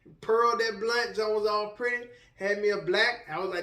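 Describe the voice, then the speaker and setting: A high-voiced man from Richmond, Virginia, an author, speaker and minister, gives a casual motivational testimony in a slangy, conversational way, often saying "you know what I'm saying." His tone is steady and sharp, at a moderate pace with few pauses, picked up by a somewhat distant mic in a roomy, echoing space.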